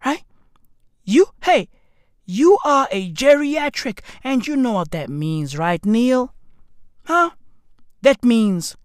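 A woman delivering a loud, swaggering, profane comedic rant full of slang. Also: on the high side, big pitch swings, slow pace, pauses often, dry recording, studio quality. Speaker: comedic commentator.

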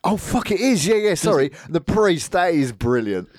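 A man's voice: on the high side, moderate pace, dry recording, studio quality. A man from England co-hosting a casual film chat, laughing often and swearing as he tells stories. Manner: laughing, sweary, animated storytelling. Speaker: podcast co-host.

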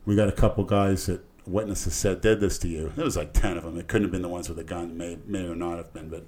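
Middle-aged guy from florida rambling through wild stories, lowish voice, loud bits when he does the cops. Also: fairly even intonation, fast, slightly rough. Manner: rambling, acts out cops' voices loudly. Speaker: podcast regular telling stories. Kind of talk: casual storytelling chat.

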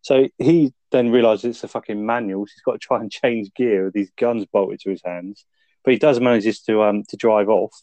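Chatting casually about a movie, a man walks through its scenes for a review podcast, cursing freely and laughing along in a relaxed manner. He has a fairly low, warm voice and talks at a normal speed. No echo can be heard.

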